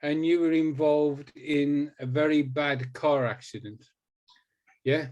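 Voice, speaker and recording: A man's voice: on the high side, fairly even intonation, slow pace, darkish tone, highs cut off. A man in his sixties, a hypnotist guest in a conversational interview, talking emphatically and repeating words for stress.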